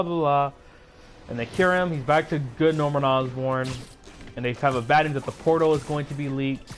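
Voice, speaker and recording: A man casually recapping a movie for his channel, rambling with many fillers, sleepy and yawning, with a sore throat. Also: mid-range voice. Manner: rambling, filler-heavy retelling. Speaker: YouTuber.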